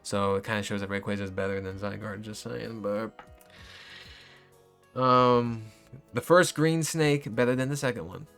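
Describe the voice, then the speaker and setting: A young man in casual, rambling game commentary, swearing often and turning loud and exasperated as he vents. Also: fairly low pitch, fairly even intonation, moderate pace, creaky, pauses often, clean tone, soft background music. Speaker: video game reviewer.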